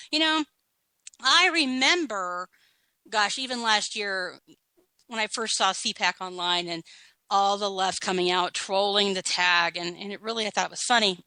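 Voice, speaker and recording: Woman talk host, sarcastic and blunt, bright tone, close dry mic. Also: mid-range voice, dry recording, low-quality recording. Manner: sarcastic, blunt, laughing at her own list. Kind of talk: opinionated political commentary.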